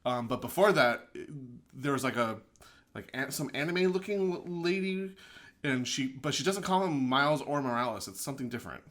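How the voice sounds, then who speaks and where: Blunt, bright-voiced woman co-host. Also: very deep voice, expressive, fairly quick. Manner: blunt, swears casually, laughs often. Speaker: podcast co-host. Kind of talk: casual movie chat.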